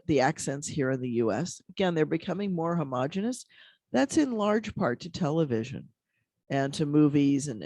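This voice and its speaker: A man who is a rabbi talks in a relaxed, chatty way on a call-in radio show, laughing easily and often restarting his sentences. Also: fairly high pitch, no echo, clean studio sound. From American Midwest. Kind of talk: casual call-in radio chat.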